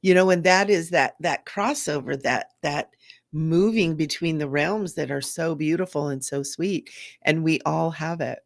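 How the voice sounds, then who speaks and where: A woman's voice: low-pitched, measured pace, no echo, studio quality. A middle-aged woman hosting a live stream as a psychic medium, talking in an earnest, chatty way with fillers and restarts and greeting viewers. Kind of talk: casual live-stream talk.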